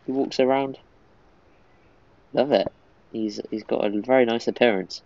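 A man's voice: mid-range voice, fairly even intonation, a little slow, creaky, darkish tone, highs cut off, slight background noise. A man giving casual, easily amused commentary while playing a mobile game.

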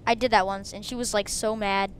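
A woman hosting a game video, chatting casually and breaking into excited shrieks. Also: mid-range voice, fairly quick, a little hiss or hum. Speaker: gaming video host. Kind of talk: casual gameplay commentary.

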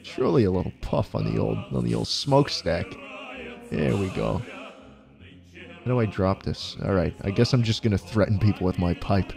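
A man giving profane, excitable let's-play commentary, often yelping and laughing. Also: fairly low pitch, moderate pace, creaky, music in the background. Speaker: gaming YouTuber.

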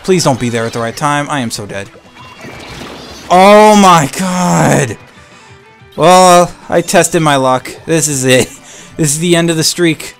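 Excitable young man ranting over gameplay. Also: on the high side, fairly quick, soft background music. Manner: excitable, swings between hype and frustrated ranting. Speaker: gaming channel host. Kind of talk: live gameplay commentary.

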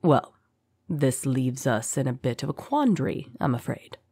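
A woman voicing a calm, menacing male rebel leader who speaks smoothly and courteously, in a deep voice. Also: takes it slowly, no echo, clean studio sound, heavily acted. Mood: eerily calm. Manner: smooth, courteous, soft-spoken.

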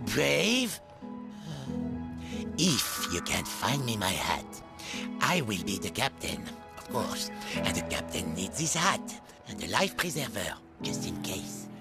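A rude, grumpy old hermit crab scolds from his shelf in a gravelly tone. His pitch leaps and dives as he nags, over game music. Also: wildly swooping pitch, unhurried, exaggerated voice. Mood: blustering. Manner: cranky, scolding, swooping pitch. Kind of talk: game narration acting. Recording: game audio with music behind.

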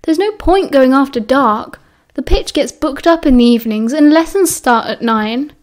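A woman's voice: high-pitched, expressive. A woman doing a bossy cheerful British schoolboy. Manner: brisk, chivvying. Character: cheerful bossy teenage schoolboy team captain.

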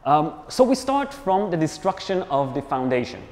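A man's voice: a little high, very animated, normal speed, a little mellow, long reverb tail. A man giving a casual philosophy lecture to a live audience, chatty and playful, often checking in with his listeners.

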